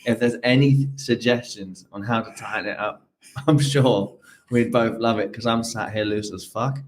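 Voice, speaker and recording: A man from the UK co-hosting a podcast, who talks in a crude, joking and animated way. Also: fairly low pitch, normal speed, a little hiss or hum. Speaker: podcast co-host. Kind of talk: casual chat.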